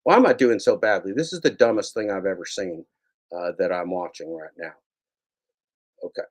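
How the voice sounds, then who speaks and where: A man's voice: low-pitched, normal speed. A man giving rambling screen-share commentary as a YouTube broadcaster, sarcastic and mock-scolding, repeating his own phrases.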